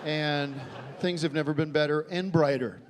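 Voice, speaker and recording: An American man doing a stand-up comedy set on a theater stage, talking in a halting, deadpan way full of restarts. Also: fairly high pitch, some chatter behind, slight background noise. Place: theater stage before a live audience. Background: audience laughter.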